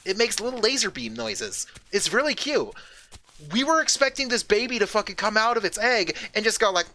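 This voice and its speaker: A man streaming a game, chatting casually in a rambling, profane way with excited outbursts. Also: high-pitched. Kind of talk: casual chat while gaming.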